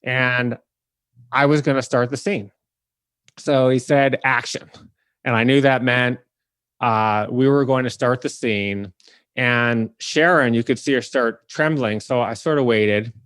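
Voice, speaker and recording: A man from the Detroit area hosting a podcast and telling a lively story, acting out the people in it. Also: medium pitch, unhurried, clean tone, no room sound. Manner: animated, acts out the people in his story. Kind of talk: casual storytelling.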